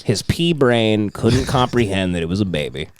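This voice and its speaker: Male podcast host, crude and mocking, animated delivery, faint hiss. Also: fairly low pitch, normal speed. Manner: loud, profane, mocking, jumps into bits. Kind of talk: crude comedic banter.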